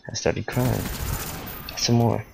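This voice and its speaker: A man's voice: medium pitch, steady tone, takes it slowly, creaky, background noise. A teenage boy casually telling a personal story, rambling with lots of fillers and self-corrections. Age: teens.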